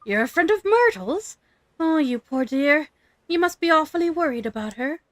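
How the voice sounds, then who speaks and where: A woman's voice: sits high, animated, moderate pace, no room sound, voice pushed up. Name: none. a woman reading as a gossipy old neighbor lady. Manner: fussy, sympathetic, chatty. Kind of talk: reading game dialogue aloud.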